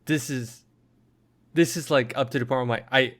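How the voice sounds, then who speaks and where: Speaking at normal speed in a mid-range voice, a man co-hosts a laid-back podcast. His talk rambles freely, stuffed with fillers.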